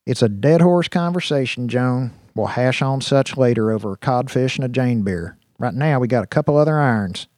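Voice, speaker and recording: A man's voice: mid-range voice, expressive, moderate pace, hardly any pauses, a little mellow, dry recording, clean studio sound, natural voice. An actor playing a man who commands his cyborg dogs in a folksy, drawling way. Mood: commanding. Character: William, a rugged man leading cyborg dogs.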